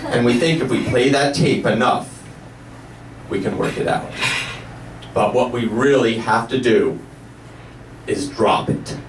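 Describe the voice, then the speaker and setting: A man imitating a solemn, soft-spoken male spiritual author, speaking slowly and meditatively in a lowered voice. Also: distant mic, noisy background, natural voice. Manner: slow, hushed, meditative. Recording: roomy live cafe, mic from afar.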